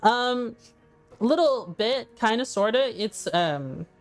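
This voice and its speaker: An excitable woman streamer with a slightly higher voice, chatting with her live audience. She sounds a little congested and stuffy. Her talk is loose and quick to react, picked up on a condenser microphone. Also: faint music behind. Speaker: VTuber game streamer. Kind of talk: casual live-stream chat.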